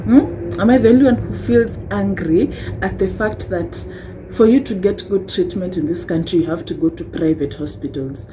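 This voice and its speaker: A woman's voice: fairly low pitch, normal speed, warm tone, soft background music, poor audio. A young Kenyan woman with a Kenyan accent ranting on a vlog, impassioned and rhetorical, tagging points with "hmm?" and wry laughs. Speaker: vlogger.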